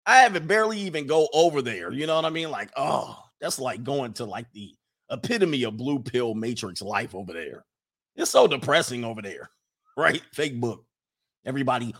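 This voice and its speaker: A man livestreaming a casual, sarcastic rant, swearing, laughing often and mocking others in a high voice. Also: lively intonation, moderate pace, a bit bright. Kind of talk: casual ranting monologue.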